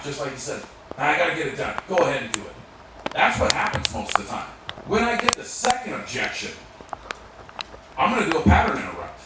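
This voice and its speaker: Profane, animated man in an echoey room. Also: medium pitch. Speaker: sales technician speaking to an audience. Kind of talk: live talk to an audience. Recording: echoey room, mic far off, faint room noise.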